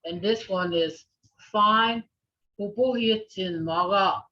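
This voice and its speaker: A woman's voice: medium pitch, takes it slowly. A woman teaching a language class over a video call, patiently repeating words for her students to echo. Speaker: language instructor. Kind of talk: online language lesson. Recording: dull lo-fi video call audio.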